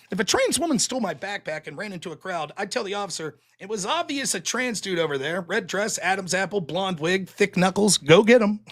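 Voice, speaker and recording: A man with a fairly high voice hosts a casual livestream. He reads viewers' paid messages aloud one after another. He answers each with a short thanks or a joke. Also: fairly bright tone. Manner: reads donor messages aloud with quick reactions. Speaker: show host reading Super Chats.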